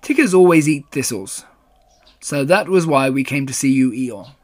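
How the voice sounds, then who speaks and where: A man voicing a kindly, simple young male bear in a storybook reading, gentle and earnest. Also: mid-range voice, expressive, normal speed, lightly acted.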